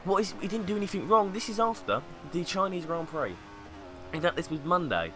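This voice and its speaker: A man's voice: sits high, lively intonation, a little fast, music in the background. A young man with a sarcastic, mocking manner, reading out fan tweets and commenting on them in a casual way. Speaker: YouTube commentator.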